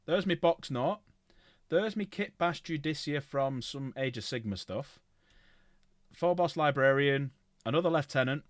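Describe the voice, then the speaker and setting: A man in the middle of his pitch range talks casually on a livestream, running through long lists and stopping often to correct himself. The sound is dry and close, with almost no room around his voice. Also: fairly bright tone, dry recording. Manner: rambling, self-correcting, lists items aloud. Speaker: streamer.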